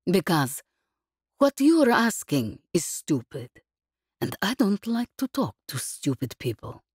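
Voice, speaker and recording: A woman narrator voices a cool, dangerous woman in an audiobook, husky and low, with a lively, swooping voice. She talks with measured, mocking calm. The studio sound is close and dry. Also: no echo, full character voice. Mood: calm menace. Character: cool, dangerous woman captive, calmly menacing. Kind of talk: audiobook character reading.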